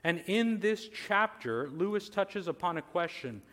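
A man's voice: sits high, expressive, a little slow, fairly bright tone, in a large hall. A man preaching a sermon earnestly, his voice swelling on lists, with casual fillers and restarts. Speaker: pastor.

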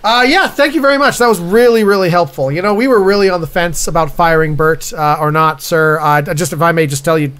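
A man's voice: on the high side, a little fast, few pauses, a bit bright, clear, resonant tone, close to an everyday voice. A man playing a petty call review supervisor. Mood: deadpan. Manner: rambling, hesitant, full of 'uh'. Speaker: improviser. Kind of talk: improv comedy scene.

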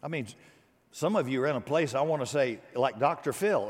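A man preaching a sermon, animated and conversational, acting out voices and joking with the congregation. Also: mid-range voice, brisk, long reverb tail. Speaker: pastor.

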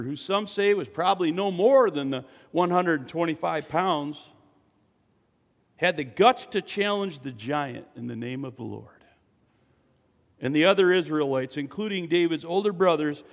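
A man preaching a sermon, building to loud, fervent peaks and joking between points. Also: on the high side, animated, measured pace, long reverb tail. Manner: preaching with dramatic swells, jokes and acted quotes.

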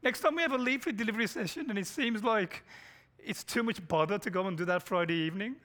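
A male pastor preaching an urgent sermon, swinging between loud emphasis and near whispers. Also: sits high, quick pace, few pauses. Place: church in a shopping complex.

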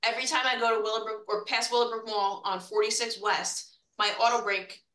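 A woman's voice: on the high side, level tone, fairly quick, pushed and bright. A woman from North Jersey hosting a podcast, chatty and telling everyday stories in casual talk. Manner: chatty, storytelling. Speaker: podcast host. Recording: echoey room.

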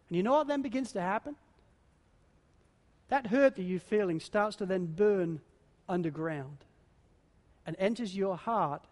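A male pastor preaching a sermon, telling a story and swinging between hushed and loud for emphasis. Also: sits high. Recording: long reverb of a large hall.

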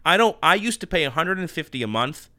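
A man's voice: fairly high pitch, big pitch swings, fast, sharp tone, no echo, clean studio sound. A male podcast host chatting casually, telling a long anecdote with restarts and quoted exchanges. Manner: rambling storyteller with many restarts and quoted dialogue. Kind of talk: casual chat.

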